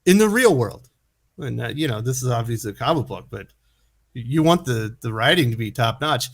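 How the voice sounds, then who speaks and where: A man's voice: mid-range voice, lively intonation, moderate pace. A man hosting a comic book commentary, sarcastic and incredulous, often chuckling at what he reads. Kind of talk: opinion commentary.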